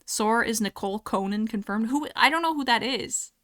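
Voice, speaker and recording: A woman's voice: fairly high pitch, a little fast, fairly bright tone. A young woman streaming from home, chatting casually and reading chat aloud, giggling often.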